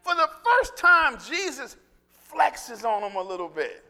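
A man preaching a sermon in a large church hall, excitable and animated, tripping over his words as he builds up. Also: very high-pitched. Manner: excitable, animated, with quick restarts and laughter. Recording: echoey hall with long reverb.

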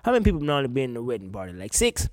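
Animated tipsy man ranting. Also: mid-range voice, racing, dry recording, studio quality. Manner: animated, incredulous, swears often, laughs. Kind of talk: casual opinion rant.

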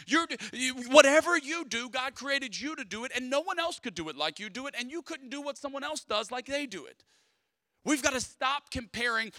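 A young man preaching a sermon in a lively, conversational way, swinging from loud bursts to quiet asides. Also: very high voice, no room sound, clean studio sound. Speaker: pastor.

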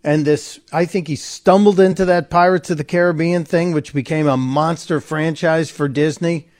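A man's voice: a little high, fairly even intonation, normal speed, a little mellow. A man hosting a talk radio show, giving an opinionated, sarcastic monologue and mocking the people he quotes.

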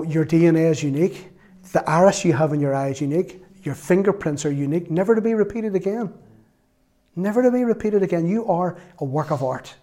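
A man's voice: a little high, warm tone. A man preaching a sermon, reading scripture aloud with earnest feeling and a self-mocking sense of humor.

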